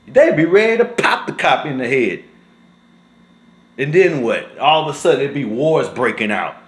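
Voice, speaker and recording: A man's voice: mid-range voice, lively intonation, moderate pace, pauses often, a bit bright, echoey room. A man talking in an emotional vlog, impassioned and repeating himself as he speaks. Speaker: vlogger.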